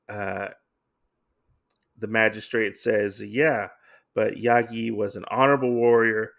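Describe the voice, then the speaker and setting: A man hosting a podcast, recapping a comic book in a halting, rambling way full of fillers and self-corrections. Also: medium pitch, gravelly, fairly bright tone. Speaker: podcast host.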